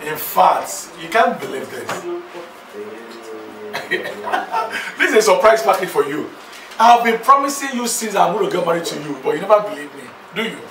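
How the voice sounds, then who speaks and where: An actor playing a boastful, newly rich man who sweet-talks several girlfriends on the phone, excited and laughing. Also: high voice, normal speed, reverberant, recorded from a distance, background noise. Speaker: lead character in a film. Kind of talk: Nollywood film acting.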